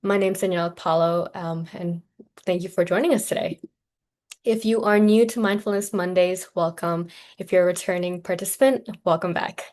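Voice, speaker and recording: A woman's voice: lowish voice, steady tone, moderate pace, a little mellow. A woman host welcoming viewers to an online session, reading program announcements in a friendly way. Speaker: webinar host. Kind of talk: scripted program introduction. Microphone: video call.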